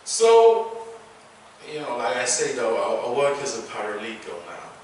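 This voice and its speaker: A young man from England doing a stand-up comedy routine, animated, with loud punchlines and laughing at his own jokes. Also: medium pitch, measured pace, slight background noise. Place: small theatre stage. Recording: echoey theatre, mic from a distance.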